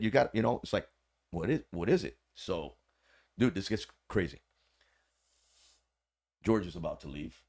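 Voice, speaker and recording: A man's voice: sits low, animated, unhurried, pauses often, a little mellow. A man, a former corrections officer, telling a story as a podcast guest in a casual, profane, slangy way.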